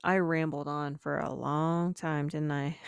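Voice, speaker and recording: A woman's voice: sits low, fairly even intonation, slow pace, creaky, smooth, dry recording. A young woman with a Southern accent hosting a casual solo podcast, rambling, crude and giggly. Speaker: podcast host.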